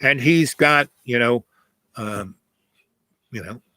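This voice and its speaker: A man's voice: mid-range voice, takes it slowly, pushed and bright, dry recording, low-quality recording. A man telling a personal anecdote in a casual, rambling way, full of fillers and asides. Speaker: host telling a personal story.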